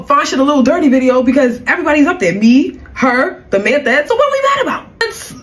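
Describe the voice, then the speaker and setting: A woman's voice: medium pitch, fairly bright tone. A young woman telling a personal story in a casual vlog, blunt and heated, with plenty of slang and cursing.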